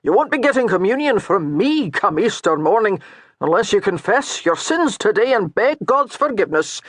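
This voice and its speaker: A woman narrator voicing a gruff, mocking male priest with a thick Scottish brogue. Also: medium pitch, very animated, normal speed, no echo, clean studio sound, pitched above the performer's own voice. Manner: baiting, scolding, dour.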